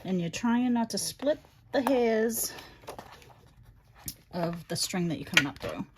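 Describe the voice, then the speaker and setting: Speaking on the high side in an animated way, a middle-aged woman leads a chatty livestream craft tutorial at a measured pace, with background noise behind her. She reads the chat aloud between steps and is warm to her daughter and viewers.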